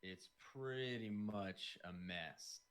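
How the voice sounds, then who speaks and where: A man's voice: lowish voice, very slow, fairly bright tone. A man narrating as game master in a tabletop game, describing scenes loosely with lots of "kind of" hedges.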